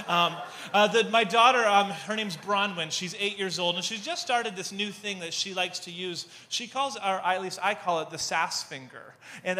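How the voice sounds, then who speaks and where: A man in his thirties, a guest speaker at a church, telling family stories in an animated way with many restarts. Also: sits high, a little hiss or hum. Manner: animated storytelling with frequent restarts. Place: church gathering.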